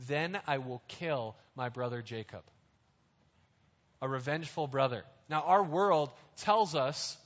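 A man with a somewhat high voice delivers a sermon, unpacking scripture in easygoing, plain language and slowing down to make his points land. His voice carries a long hall echo, and the recording sounds dull and lo-fi. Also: a bit bright. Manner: conversational, explains scripture in plain words. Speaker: preacher.

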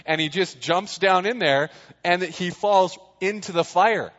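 A man's voice: sits high, unhurried, fairly bright tone. A man giving a casual sermon to a young crowd, chatty and jokey, often throwing questions at the listeners. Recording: dull sound in a reverberant hall.

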